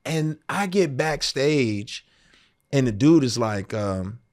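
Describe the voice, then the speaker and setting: A man in his forties hosting a podcast, telling stories in an excited, expressive way in casual conversation. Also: mid-range voice, takes it slowly. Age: 40s. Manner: excited, expressive retelling with bursts of laughter. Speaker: podcast host. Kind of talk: casual conversation, animated storytelling.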